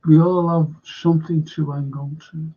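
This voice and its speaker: A man rambles through a story for his live-stream audience, pausing and doubling back on his words. His voice is dark and husky with a gravelly rasp and sits fairly high for a man. The sound is dull and lo-fi, like basic stream audio. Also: flat delivery. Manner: halting, meandering, repeats words for emphasis. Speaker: host of a live-streamed current affairs show. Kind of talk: casual rambling storytelling to viewers.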